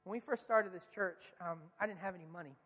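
A pastor preaches with a high, earnest voice, putting question after question to his congregation. His words ring out in a long reverb, as if through a large church. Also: fairly quick, a bit bright, lo-fi sound. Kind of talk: sermon.

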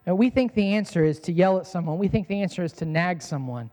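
A man's voice: high voice, expressive, fast, dark tone. A man in his thirties preaching a sermon as a pastor, earnest and emphatic, repeating his key lines. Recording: long hall reverb.

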